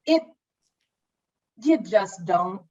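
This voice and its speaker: On this muffled recording, a podcast co-host talks films in a loose, casual review chat, effusive and meandering, with frequent restarts and performed asides. She has a medium-pitched, animated voice with a dark tone, and she draws her words out.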